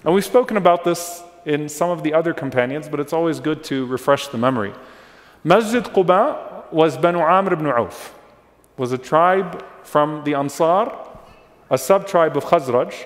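A man delivering a religious lecture in a large hall, his voice slightly higher than usual for a man and trailing off in a long reverb. He explains step by step, repeats key names and checks in with his listeners. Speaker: Islamic lecturer. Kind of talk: religious lecture on early Islamic history.

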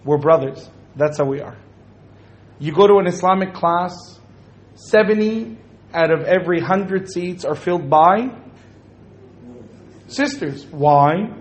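A man's voice: a little high, slow, long pauses. A man speaking to an audience at a religious talk, joking and acting out little scenes.

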